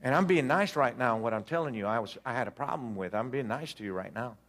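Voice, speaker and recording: Man in his sixties preacher telling a story from the pulpit, lively, acts out the voices, teases the congregation, mid-pitched voice. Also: quick pace. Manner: animated, acts out dialogue, jokes with the congregation. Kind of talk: storytelling sermon.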